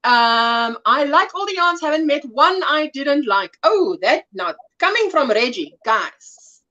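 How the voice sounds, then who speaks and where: Bright, lively South African woman. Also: high voice, unhurried, highs cut off. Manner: chatty, reads viewer comments aloud, laughs often. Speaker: livestream host. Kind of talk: casual livestream chat.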